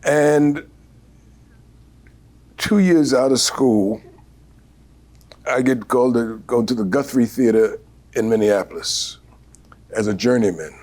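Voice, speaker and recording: An older man, a veteran actor, telling stories in an interview in an unhurried, animated way with many fillers and a husky voice. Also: mid-range voice. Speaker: guest actor. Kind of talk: storytelling interview.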